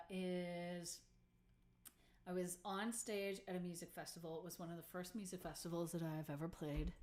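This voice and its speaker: A woman musician hosting a casual livestream, chatting with viewers in a self-deprecating way and laughing often. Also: lowish voice. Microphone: computer or phone mic on a livestream.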